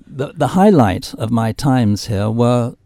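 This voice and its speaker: Older man, gravelly, telling stories. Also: mid-range voice, animated, slow, warm tone, no echo, clean studio sound. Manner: theatrical storyteller. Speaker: radio guest. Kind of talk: anecdotal radio chat.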